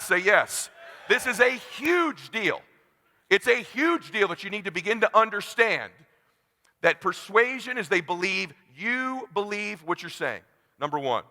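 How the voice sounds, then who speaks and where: A man in his forties giving a live keynote as a motivational speaker, talking bluntly and intensely and shouting to rouse the audience. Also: high voice. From California, USA. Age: 40s. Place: large conference hall. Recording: long hall reverb.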